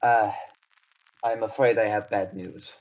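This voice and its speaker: A man voicing a shaken young woman who stammers out bad news in a loud, apologetic rush, in a tabletop role-play. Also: on the low side, steady tone, measured pace, rough recording. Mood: distraught.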